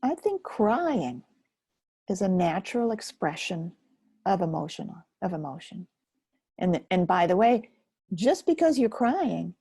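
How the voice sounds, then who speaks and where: Gentle husky older woman teaching. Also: mid-range voice, dry recording, clean studio sound. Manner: gentle, unhurried, reflective. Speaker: webinar host and focusing teacher. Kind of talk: live webinar, answering chat questions.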